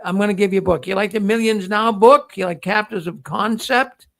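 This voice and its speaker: A man's voice: sits high, brisk, creaky, a bit bright. A man hosting a casual live-stream quiz, jokey and playful, often repeating himself. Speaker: show host running a quiz.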